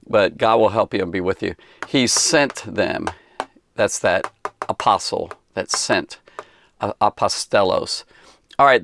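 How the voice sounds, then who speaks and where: A man's voice: lowish voice, vocal fry, no room sound, clean studio sound. A man giving a casual Bible lesson for kids, rambling and conversational with many fillers and restarts. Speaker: Bible teacher.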